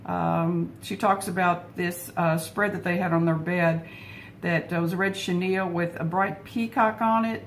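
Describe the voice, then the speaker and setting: A middle-aged woman talking at her desk at home in a casual personal vlog, unhurried and heartfelt, pausing often on fillers. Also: on the low side, fairly even intonation, slight background noise. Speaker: vlogger.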